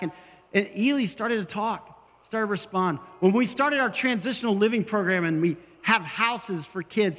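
A man pastor giving an animated sermon, acting out quoted voices as he goes. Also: high voice, big-room sound.

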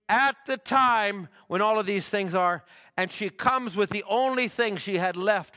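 A man preaching a sermon, halting and repeating words, then building to emphatic declarations. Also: sits high, sharp tone.

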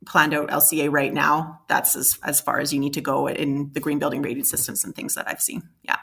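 Bright-voiced low-pitched woman. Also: little pitch movement, fairly quick, vocal fry, slightly rough. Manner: explanatory, with frequent fillers and restarts. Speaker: guest expert on sustainable building. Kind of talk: conversational interview answers.

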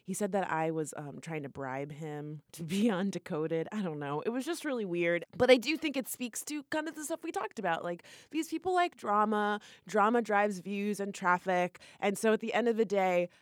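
A woman co-hosting a podcast in casual chat, animated and laughing, her voice jumping high when she gets excited. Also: normal speed, hardly any pauses, dry recording, clean studio sound. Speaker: podcast co-host.

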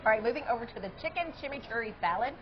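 A woman's voice: a little high, expressive, very fast, highs cut off, a little hiss or hum. A woman hosting a local TV show, chatting upbeat with a restaurant owner while tasting dishes on location. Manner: upbeat, chatty, describing food as she tastes. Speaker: TV show host. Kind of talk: casual on-location interview. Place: restaurant dining room.

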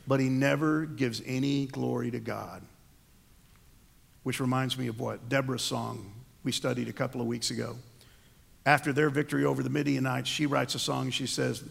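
A man's voice: mid-range voice, gravelly, fairly bright tone, long reverb tail. A man preaching a sermon as the pastor, asking the congregation rhetorical questions.

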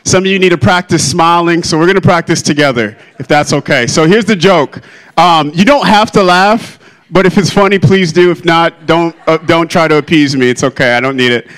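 High-voiced joking male pastor. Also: fairly quick, a bit bright, low-quality recording. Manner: joking, self-deprecating, conversational. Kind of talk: sermon.

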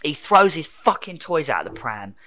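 A man's voice: a little high, very animated, normal speed, sharp tone. Swearing, ranting man. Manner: ranting, swears freely, acts out quotes. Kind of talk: casual chat.

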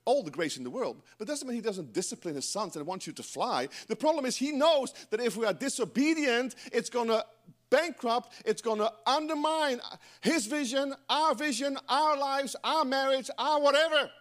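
A middle-aged man preaching a sermon in church, animated and breaking into joking asides to the congregation. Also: extremely high pitch, normal speed. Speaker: pastor.

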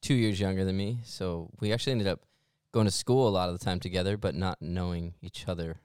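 A man's voice: sits low, steady tone, a little fast, a little mellow, clear, resonant tone, no room sound, studio quality. A man in his forties, a worship leader co-hosting a church podcast, playful and joking. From Mesa, Arizona. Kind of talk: casual podcast conversation.

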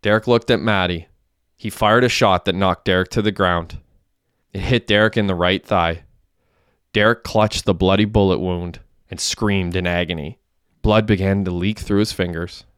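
Man reading a story, smooth and dry. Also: deep voice, steady tone, normal speed, a bit bright, no room sound. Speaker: narrator. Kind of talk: audiobook narration.

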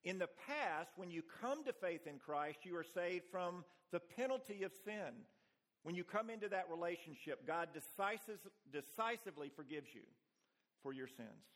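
Male pastor, earnest church sermon, a bit higher voice, leans on repeated phrases. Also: lively intonation, normal speed, a bit bright.

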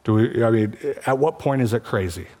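A man's voice: mid-range voice, brisk, darkish tone. A male pastor preaching a sermon to his church, conversational and passionate, rising to emphatic peaks.

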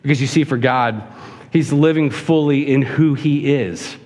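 A man preaching a sermon to a congregation, acting out whiny voices with a raised pitch. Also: a little slow, darkish tone. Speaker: pastor. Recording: long hall reverb.

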